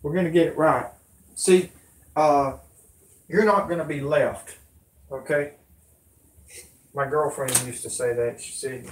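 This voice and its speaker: A man's voice: on the high side, fairly even intonation, a little slow, pauses often, slight background noise. Angry rambling man, echoey room. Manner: angry, rambling, folksy, cusses. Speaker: amateur news vlogger. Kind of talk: ranting news vlog.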